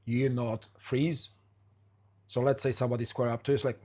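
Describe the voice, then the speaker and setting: Male podcast host, husky voice, blunt and sweary, non-standard English. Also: medium pitch, flat delivery, moderate pace, mellow. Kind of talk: casual interview chat.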